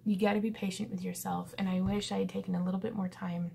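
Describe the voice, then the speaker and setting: A woman in her thirties speaks in a loose, rambling vlog, earnest and thoughtful, with fillers all through. Her voice is husky and breathy, with a gravelly, crackly edge at the bottom of her range. She sounds pensive and unhurried. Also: mid-range voice, little pitch movement, dark tone. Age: 30s. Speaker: vlogger. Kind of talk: casual reflective vlog talk.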